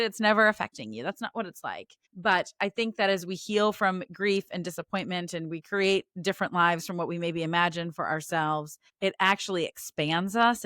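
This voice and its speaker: A woman's voice: fairly low pitch, sharp tone, clear, resonant tone, no room sound, clean studio sound. A middle-aged woman speaking candidly and emotionally as a guest author in a podcast interview.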